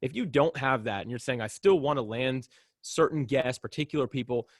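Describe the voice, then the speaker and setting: A man speaking quickly and animatedly as a podcast guest, acting out both sides of the conversations in his story. His voice sits at a middle pitch, and the recording is dry and close. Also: dry recording. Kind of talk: casual storytelling.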